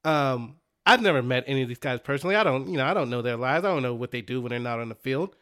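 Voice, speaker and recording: A man's voice: medium pitch, fast, clean tone. A man from Dallas co-hosting a podcast, ranting emphatically in casual chat. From Dallas, Texas. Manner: animated, emphatic ranting with laughter. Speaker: podcast co-host.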